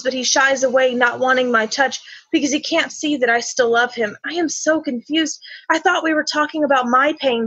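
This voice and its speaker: A woman reads a spoken word poem in a high, slightly husky voice. Her delivery is slow and measured, with halting pauses. The close, dry recording sounds a little dull and lo-fi. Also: a bit bright, dry recording. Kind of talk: spoken word poetry reading.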